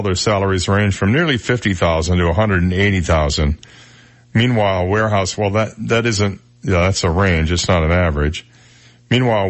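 A man hosting a radio talk show, chatting casually and reading news items with his own asides. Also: low-pitched.

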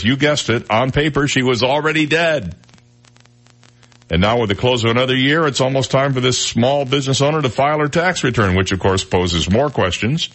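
A man's voice: fairly low pitch, a bit bright. A man hosting a talk radio show, chatting casually and reading news stories with wry, joking asides.

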